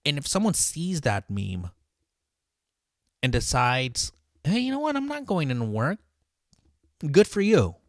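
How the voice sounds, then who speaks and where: A line cook rambles through a story in a casual monologue, swearing nonstop, restarting sentences, and leaning hard on "like" and "dude" in a heated, profane way. His mid-range voice is a bit bright, captured dry with clean studio sound.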